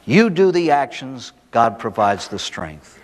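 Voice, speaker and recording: A man's voice: medium pitch, very animated, takes it slowly. A man, a priest, giving a recovery talk to an audience, telling folksy stories and asking rhetorical questions. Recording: echoey hall recording.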